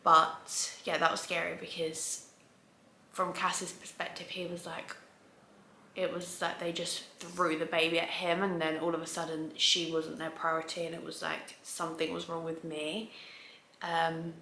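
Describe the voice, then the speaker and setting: A woman vlogger talks straight to the camera at home in a chatty, rambling way, often restarting her sentences. Her voice is fairly low but bright and forceful. The room around her gives it a noticeable echo. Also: little pitch movement, moderate pace, creaky, a little hiss or hum. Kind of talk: casual storytelling to camera. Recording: roomy echo.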